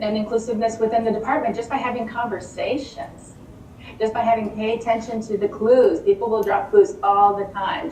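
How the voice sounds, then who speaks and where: A middle-aged woman giving an animated, conversational talk to a live audience, often repeating words and asking rhetorical questions. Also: medium pitch. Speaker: lecturer speaking to a live audience. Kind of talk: conversational presentation. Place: meeting room with an audience. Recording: roomy hall, distant mic, faint room noise.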